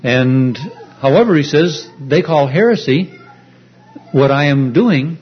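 A man preaching an earnest, explanatory sermon, pausing often with fillers as he retells a story. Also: fairly high pitch, breathy edge. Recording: dull lo-fi recording.

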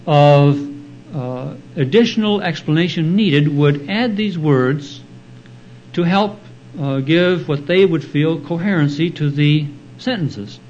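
A man preaching an expository sermon, explaining Bible verses in a slow, deliberate teaching manner. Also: fairly high pitch, darkish tone, dull audio, a little hiss or hum. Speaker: pastor.

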